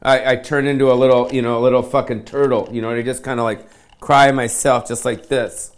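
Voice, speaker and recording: A man rants to camera in a brisk, level, mid-range voice, self-pitying and comedic, swearing constantly in slangy surfer-dude talk.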